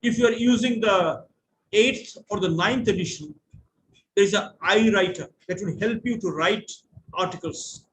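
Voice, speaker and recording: Indian English male lecturer, higher voice, patient explainer, faint background noise. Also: moderate pace, a bit bright, low-quality recording. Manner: explanatory, spells words out letter by letter. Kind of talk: online lecture to students.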